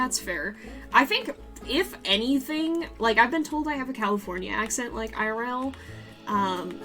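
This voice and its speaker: A woman's voice: a little high, pushed and bright. A woman with a Southern US accent streaming a building game, chatting and rambling to her viewers and laughing easily. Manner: chatty, rambling, quick to laugh, talks straight to her chat. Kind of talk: casual live-stream chat while building in a game.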